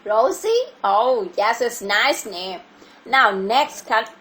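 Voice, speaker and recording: Slow, patient Vietnamese-accented woman teacher. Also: fairly high pitch, lively intonation, sharp tone. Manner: slow, patient, repeats questions. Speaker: English teacher. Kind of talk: online English lesson for a child.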